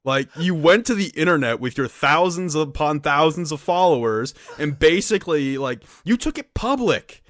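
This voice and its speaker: A man's voice: fairly high pitch, moderate pace, hardly any pauses, dry recording, clean studio sound. A man co-hosting a podcast, ranting casually with lots of swearing. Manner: profane, animated ranting. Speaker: podcast co-host.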